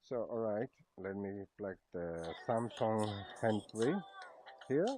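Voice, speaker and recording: A man casually demonstrating a gadget, talking haltingly, repeating words as he tries things out live. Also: lowish voice, warm tone, slight background noise. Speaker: product reviewer. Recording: dull lo-fi sound.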